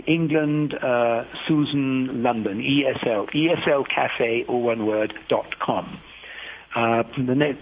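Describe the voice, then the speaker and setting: A man hosting a radio call-in show, reading out announcements slowly and haltingly, spelling things out letter by letter. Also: mid-range voice, husky. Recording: phone-like radio broadcast.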